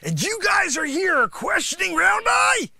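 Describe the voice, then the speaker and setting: A man improvising a boastful self-styled martial arts sensei who brags and breaks into shouts. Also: high-pitched, animated, unhurried, dry recording, voice pushed up, heavily acted. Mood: boastful, indignant. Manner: bragging, worked up, shouting in bursts. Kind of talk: live improv comedy.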